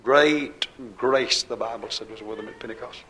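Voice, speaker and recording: A man preaching a sermon in a folksy way, talking straight to the congregation and swinging between loud emphatic bursts and low, quiet drops. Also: moderate pace, rough recording. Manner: folksy, addresses the congregation directly.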